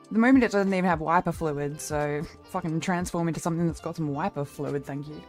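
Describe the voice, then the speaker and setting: A woman's voice: sits low, fast talker, darkish tone, faint music behind. A young Australian woman chatting casually on her livestream, playful, swearing freely and laughing often. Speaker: streamer.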